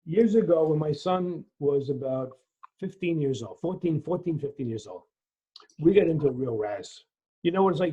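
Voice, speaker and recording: A fairly high-pitched man with a husky, mellow voice answers questions in a lecture. He tells stories in an animated way and acts out the voices in them. The sound comes over a muffled, lo-fi video call. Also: normal speed. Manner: animated storyteller who acts out dialogue, frequent restarts. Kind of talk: lecture Q&A with personal anecdote.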